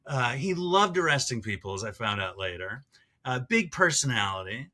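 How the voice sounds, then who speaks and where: A man speaking as a podcast guest in casual interview talk, halting and reflective with many fillers. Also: medium pitch, sing-song, pushed and bright.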